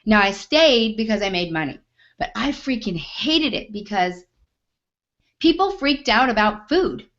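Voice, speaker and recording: A woman host and business coach, telling a personal story in an emphatic, animated way with mild swearing for emphasis. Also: medium pitch, measured pace, lo-fi sound.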